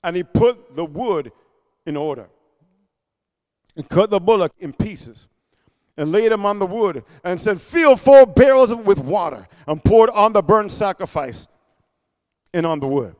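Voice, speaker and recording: A man delivers a fervent sermon, reading scripture aloud, swinging from shouts to hushed asides and calling out for amens. His high-pitched voice is expressive and unhurried, with frequent pauses.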